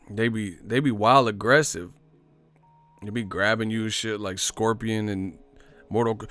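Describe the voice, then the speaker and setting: A man hosting a casual live stream, rambling and swearing, laughing often and acting out movie lines in loud, high voices. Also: steady tone, unhurried, dry recording, soft background music.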